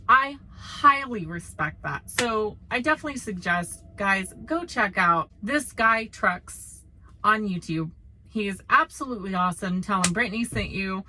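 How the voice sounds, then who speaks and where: A woman's voice: mid-range voice, pushed and bright, a little hiss or hum, low-quality recording. A woman with a Southern US accent, a trucker vlogger talking bluntly and candidly to her viewers. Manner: blunt, candid, says y'all. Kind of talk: casual chat to camera.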